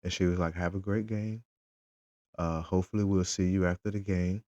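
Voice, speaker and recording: A man's voice: low-pitched, fairly quick, no echo, lo-fi sound. A father, casually retelling his day as a fan and acting out the conversations he had. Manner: animated, retells conversations in quotes. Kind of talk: casual storytelling vlog.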